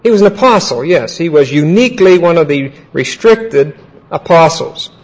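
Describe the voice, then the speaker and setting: A man teaching a Bible class, asking his students questions and repeating key points slowly. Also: on the high side, animated, rough recording.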